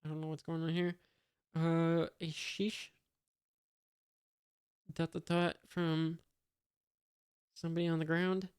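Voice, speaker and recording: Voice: medium pitch, level tone, slow, pauses often, a little mellow, smooth. A reader reading a comic aloud with comments, reading out sound effects and punctuation marks, with many hesitations and asides.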